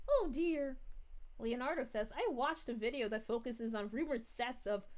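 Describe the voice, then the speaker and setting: Woman voicing Princess Daisy, bubbly and high. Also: lightly acted. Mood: cheerful. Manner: bubbly, giggly, drawn-out "ooh"s. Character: bubbly cheerful young princess, sweet and giggly. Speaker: VTuber streamer. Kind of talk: live stream chat reading in character.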